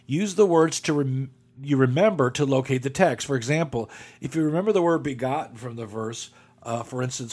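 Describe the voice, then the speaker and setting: A man's voice: mid-range voice, lively intonation, moderate pace, a little mellow, breathy edge. A man teaching a Bible study class, walking listeners through reference tools step by step, with occasional fillers and restarts. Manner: methodical, walks through numbered steps with fillers. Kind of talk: instructional lecture.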